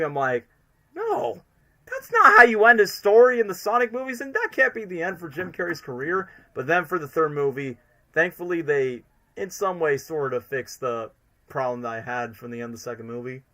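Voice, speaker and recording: Male streamer host with a bright, forceful voice, excitable and rambling in casual commentary. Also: medium pitch. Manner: excitable, rambling fan talk.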